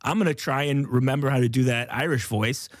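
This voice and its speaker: A man's voice: mid-range voice, a little fast, dry recording, studio quality. A man hosting a podcast, talking in a loose, laid-back way and often stalling on fillers. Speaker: podcast host. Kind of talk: casual podcast chat.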